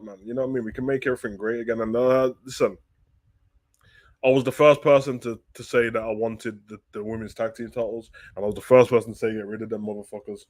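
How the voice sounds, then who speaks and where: A man hosting a live wrestling talk stream, reading viewer questions aloud and answering them in loose, slangy, animated chat. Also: medium pitch. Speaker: wrestling talk show host.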